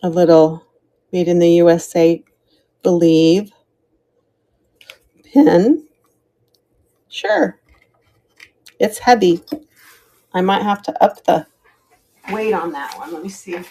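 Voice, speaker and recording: A woman's voice: fairly low pitch, steady tone, a little slow, long pauses, dark tone. An American woman hosting a live jewelry sale, chatting casually as she shows pieces, calls out starting prices and thanks viewers by name. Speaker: live-stream jewelry seller. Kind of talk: live auction stream chat.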